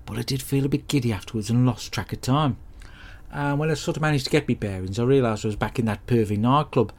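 An actor playing a hapless, crude bloke who rambles through a comic monologue in a deadpan, sweary way. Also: male voice, mid-range voice, quick pace, natural voice. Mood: grumbling. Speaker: comedy podcast character host.

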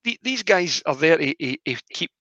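Man, bright forceful voice, dry dull lo-fi sound, casual football chat. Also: on the high side, moderate pace, no echo. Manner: animated, opinionated, restarts often. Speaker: podcast co-host.

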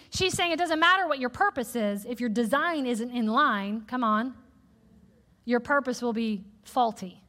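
A woman with a high voice preaches a sermon in a lively, conversational way, acting out quoted voices as she goes. Her voice rings out in a large hall with a long, trailing reverb.

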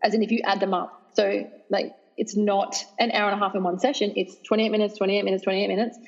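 A woman's voice: mid-range voice, quick pace, gravelly, big-room sound, lo-fi sound. Upbeat Australian woman fitness trainer. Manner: energetic, emphatic, laughs easily. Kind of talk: podcast interview.

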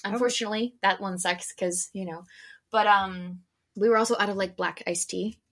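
A young woman co-hosting a casual podcast, telling a work story with lively voices for the customers. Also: normal speed. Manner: animated storyteller, acts out customers with big pitch jumps. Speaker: podcast co-host.

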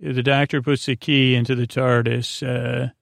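A man's voice: mid-range voice, level tone, moderate pace, gravelly, dry recording, clean studio sound. A man hosting a podcast, giving a meandering, hesitant bedtime recap of a TV episode with lots of filler words. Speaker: podcast host.

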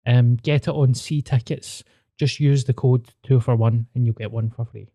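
A Scottish comedian chats on a podcast in a relaxed, joking way with a dry sense of humour. His voice sits close and dry on the mic, with no room sound. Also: medium pitch, moderate pace, dry recording. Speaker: comedian guest. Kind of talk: casual podcast chat.

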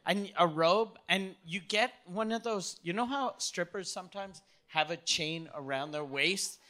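A man's voice: sits high, unhurried, sharp tone. A man co-hosting a podcast in casual chat, joking crudely and laughing along. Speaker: podcast co-host.

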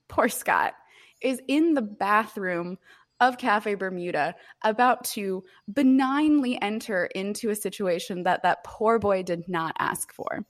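A woman in her twenties co-hosting a podcast, telling a story in casual chat with frequent laughter and free swearing. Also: mid-range voice. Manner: animated, laughing often, swears freely. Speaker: podcast co-host.

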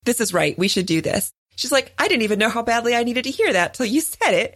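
A woman in her forties co-hosting a podcast, telling a story in casual chat and jumping up in pitch when she quotes other people. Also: brisk, hardly any pauses, no room sound, clean studio sound. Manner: animated storytelling, jumps high when voicing others. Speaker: podcast co-host.

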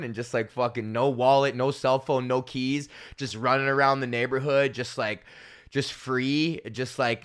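A man hosting a podcast, telling a story in a loose, profane rant and laughing often. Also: medium pitch. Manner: animated, laughs often, swears freely. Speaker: podcast host and comedian.

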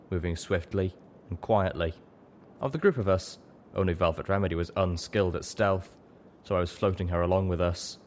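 Deep-voiced male audiobook narrator. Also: a little hiss or hum. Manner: steady, deliberate reading. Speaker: audiobook reader. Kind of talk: fan fiction audiobook narration.

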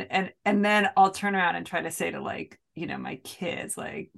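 A middle-aged American woman, an author, chatting as a podcast guest with self-deprecating humour, frequent laughs and halting restarts. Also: on the low side, gravelly. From United States. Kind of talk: casual interview chat.

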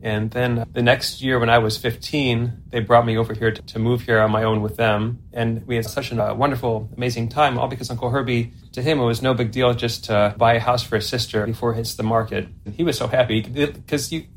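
A man in his thirties tells a family story in a relaxed, chatty way. He speaks at an ordinary pitch from a room in his home. A faint hiss of noise sits under his voice. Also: brisk, few pauses. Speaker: interviewee, family member. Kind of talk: casual storytelling.

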